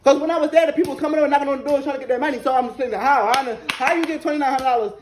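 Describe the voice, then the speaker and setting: A man's voice: very high-pitched, rapid-fire, noisy background. A man in his twenties telling an angry, profane storytime rant to camera, repeating lines for emphasis. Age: 20s. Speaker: vlogger.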